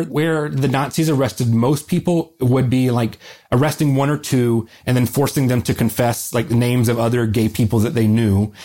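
A man with a warm, mellow voice speaks earnestly in a casual interview. He explains history with plenty of fillers and self-corrections, never rushing to sound polished. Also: mid-range voice. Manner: earnest, many fillers and restarts. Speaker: guest historian. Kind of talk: conversational interview answers.

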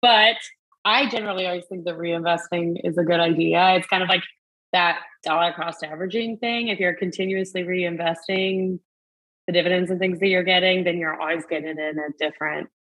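A woman guest in a casual podcast chat, explaining things in a measured way. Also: on the low side, fairly even intonation, a bit bright, poor audio.

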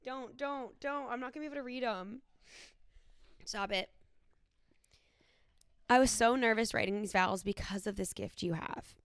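A woman's voice: medium pitch, creaky, no room sound, studio quality. A woman in her thirties, a podcast co-host, reading her wedding vows aloud in a tender, sincere way.

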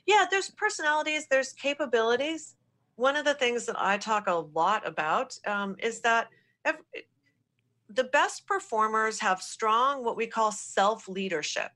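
A woman's voice: fairly high pitch, lively intonation, bright, forceful tone. A woman executive consultant answering questions in a business podcast interview, explaining in an affirming way. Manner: affirming, explanatory, quick repeated yeses.

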